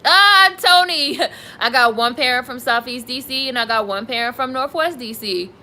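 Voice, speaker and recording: A woman's voice: fairly high pitch, fairly quick, bright, forceful tone, poor audio. A young woman streaming live, reading viewer comments and reacting with candid, sassy asides. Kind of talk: casual live-stream chat.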